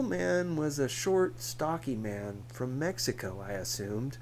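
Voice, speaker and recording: A man's voice: mid-range voice, a little hiss or hum, low-quality recording. A man reading a novel aloud as an audiobook narrator. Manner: slow, lively storytelling. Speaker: audiobook reader.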